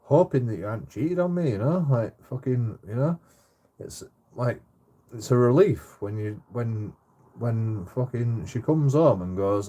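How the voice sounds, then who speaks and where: A man, telling a rambling story in casual chat, swearing heavily and filling every pause with "you know". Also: medium pitch, lively intonation, warm tone, slightly rough. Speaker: storyteller recounting his own troubles.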